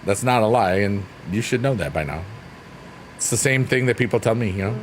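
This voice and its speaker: A man hosting a relaxed livestream, chatting playfully and reading out messages from his viewers. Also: on the low side, fairly quick. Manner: playful, silly, rambling, reads chat aloud. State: drained. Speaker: livestream host. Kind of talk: casual chat with live chat readers. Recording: faint piano music underneath.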